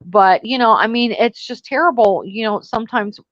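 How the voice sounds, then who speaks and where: A woman's voice: fairly high pitch, moderate pace, a bit bright, no room sound, highs cut off. A woman hosting a casual panel chat, telling stories in a chatty, exasperated way. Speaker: host.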